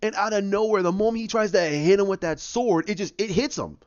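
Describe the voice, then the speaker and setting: A man hosting a podcast, eagerly retelling a story in a fast, animated way with frequent restarts. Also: high voice, smooth, no echo. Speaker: podcast host. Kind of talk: excited casual retelling. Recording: dull, dry lo-fi audio.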